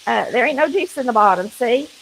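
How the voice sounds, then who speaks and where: A woman's voice: fairly high pitch, lively intonation, brisk, gravelly, fairly bright tone, slight background noise, poor audio. A woman with a country Southern accent hosting a cooking show, chatting folksily to viewers while she cooks in her kitchen. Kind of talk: casual cooking chat to viewers. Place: home kitchen.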